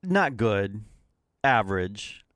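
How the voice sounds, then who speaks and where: A man's voice: fairly low pitch, big pitch swings, takes it slowly, fairly bright tone, no echo. A man co-hosting a casual podcast, teasing his partner in a dry, matter-of-fact way. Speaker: podcast co-host. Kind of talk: casual chat.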